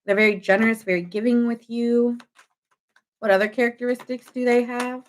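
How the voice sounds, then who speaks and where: A woman giving a casual tarot reading, chatty and animated, full of fillers, acting out little quoted reactions. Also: fairly high pitch, fairly quick, slight background noise. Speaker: tarot reader.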